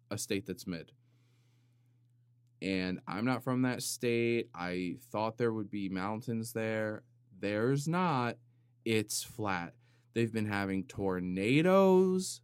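A man hosting a comedic solo podcast, rambling in a deadpan way with sudden loud bursts and some vocal fry. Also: mid-range voice, measured pace, no echo. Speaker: podcast host. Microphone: studio microphone.

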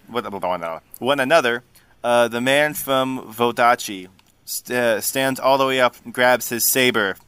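A man narrating a tabletop game as game master, relaxed and full of fillers. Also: mid-range voice, clear, resonant tone, no echo. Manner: relaxed, filler-heavy, laughs often.

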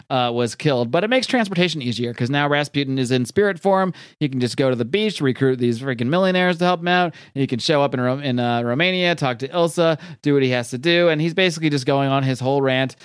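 A man casually recapping a comic book, loose and rambling with plenty of swearing. His voice is smooth and clear, and the sound is dry and close. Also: mid-range voice, no room sound.

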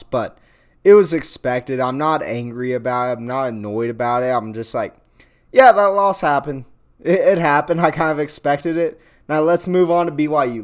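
A young man hosting an opinionated sports talk show, ranting emphatically and repeating lines for punch. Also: mid-range voice.

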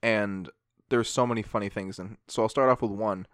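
A young man hosting a podcast, telling high school stories in a casual chat and acting out the voices of the people in them. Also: normal speed, dry recording, studio quality. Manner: animated storytelling, acts out voices. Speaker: podcast host.

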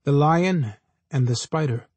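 Dry, measured male audiobook narrator. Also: a little high, a little mellow, slightly rough, no room sound. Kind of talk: first-person literary narration.

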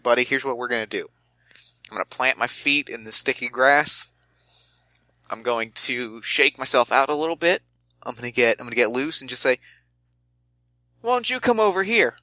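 A man playing a tabletop game, bantering playfully and quickly. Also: mid-range voice, steady tone, pushed and bright, dry recording, rough recording. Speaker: player. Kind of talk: casual tabletop play.

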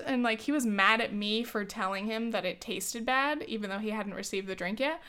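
A woman's voice: a little fast, few pauses, fairly bright tone. A young woman in her twenties hosting a casual solo podcast, talking freely with lots of fillers and swearing, and acting out quoted dialogue. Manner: acts out quoted dialogue with jumps in pitch. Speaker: podcast host.

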